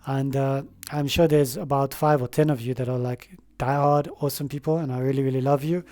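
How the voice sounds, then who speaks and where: Mellow man reading tarot. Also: mid-range voice, flat delivery. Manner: gentle, affirming, leaves slow pauses in the affirmations; rambling, with fillers and restarts. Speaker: tarot reader. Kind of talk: spoken tarot reading to camera.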